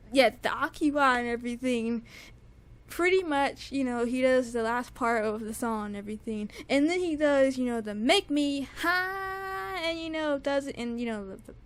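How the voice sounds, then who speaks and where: A high-voiced woman gushes like a fangirl in a casual solo music review. She rambles with lots of fillers and repeats, and at times she shrieks high with excitement.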